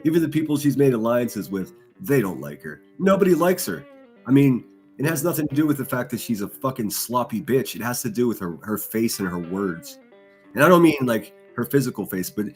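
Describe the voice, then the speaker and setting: Guy ranting crude insults on his livestream, mid voice, laughing at his own jokes. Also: mid-range voice. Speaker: livestream host. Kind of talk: crude mocking livestream commentary.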